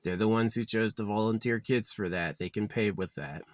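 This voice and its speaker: A man's voice: fairly low pitch, moderate pace, no room sound. A man talking straight to the camera in a casual, rambling vlog, profane and easily heated. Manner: profane, rambling, gets loud and heated when ranting. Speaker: vlogger.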